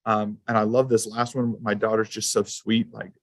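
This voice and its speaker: A man's voice: lowish voice, little pitch movement, moderate pace, no room sound. A man giving a school safety presentation to a council, telling personal anecdotes in a loose, conversational way with frequent fillers.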